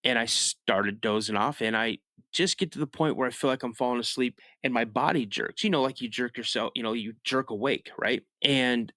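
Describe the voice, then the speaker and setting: A man who is a guest on a podcast, telling a personal story in a casual, animated way. He often restarts his sentences and adds "you know" asides. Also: mid-range voice, moderate pace, dry recording, studio quality. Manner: animated storyteller, rises sharply when acting out his younger self shouting.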